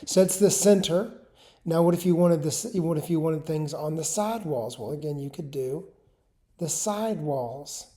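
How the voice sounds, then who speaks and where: A man's voice: on the high side, mellow. Casual man walking through a tutorial. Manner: conversational, checks in with rhetorical questions; halting, many fillers and restarts while clicking through. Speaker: home improvement salesperson. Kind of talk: casual screen-share tutorial.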